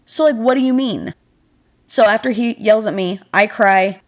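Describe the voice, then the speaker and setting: A young adult woman vlogger telling a personal story in a chatty, animated, self-deprecating way, talking straight to her viewers. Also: fairly high pitch, normal speed. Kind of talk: casual storytelling to camera.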